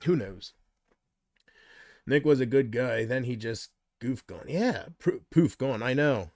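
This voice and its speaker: A man's voice: medium pitch, animated, slow, darkish tone, no echo, clean studio sound. A man chatting casually on a livestream, rambling from thought to thought and often trailing off.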